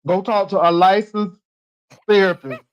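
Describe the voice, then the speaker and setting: A man with a notably high voice talks in a sassy, teasing way on a casual live call-in show. He hammers his points home by repeating them. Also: a little slow, lo-fi sound. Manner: sassy, teasing, emphatic repetition.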